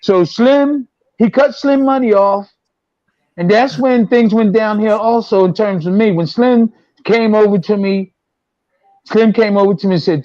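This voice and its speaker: A man's voice: sits high, measured pace, a little mellow, no echo. A man in his sixties, a former boxer, telling long rambling stories and repeating himself as he acts out quotes. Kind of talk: casual storytelling. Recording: dull, dry lo-fi sound.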